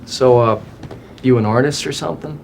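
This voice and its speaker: A man's voice: medium pitch, moderate pace, creaky, slight background noise, natural voice. An actor playing an easygoing, average male army librarian, talking in a laid-back, hesitant way. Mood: mild.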